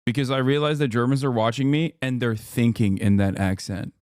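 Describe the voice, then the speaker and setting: A man in his thirties reacting to a news report on his live stream, incredulous and sarcastic, with plenty of swearing. His voice sits at an ordinary pitch for a man. It is picked up on a close, dry microphone with no room sound. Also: darkish tone, dry recording. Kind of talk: casual live-stream commentary.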